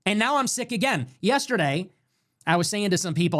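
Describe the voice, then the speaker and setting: A man's voice: high voice, brisk. A man running his own livestream show, ranting with emphasis and frequent swearing while sick with a fever. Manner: animated, emphatic, swears often.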